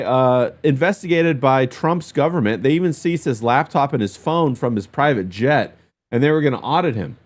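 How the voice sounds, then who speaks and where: A man hosting a casual livestream, reading viewer comments in a loose, chatty way. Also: a little high. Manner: loose and chatty, lots of "uh" and "bro". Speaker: stream host.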